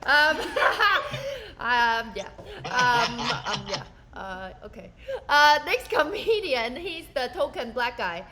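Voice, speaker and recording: A woman's voice: a little high, sing-song, slow, noisy background. A woman hosting a live comedy show, introducing acts hesitantly with many fillers. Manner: hesitant, many ums, giggly.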